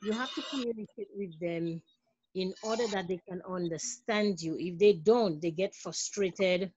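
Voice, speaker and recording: A woman in a training class explaining childcare in a halting way, using examples. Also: fairly low pitch, darkish tone, husky, lo-fi sound. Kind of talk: answering in a group training call.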